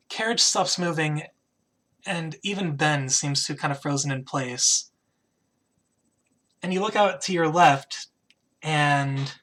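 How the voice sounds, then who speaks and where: A man with a slightly high, somewhat bright voice narrates as game master in a tabletop game. He's casual and hesitant, frequently saying "kinda."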